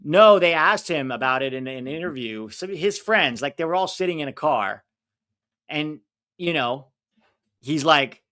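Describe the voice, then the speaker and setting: A man's voice: mid-range voice, normal speed, bright, forceful tone. A man hosting a live football watch-along stream, chatting casually, rattling off lists and laughing as he answers viewers.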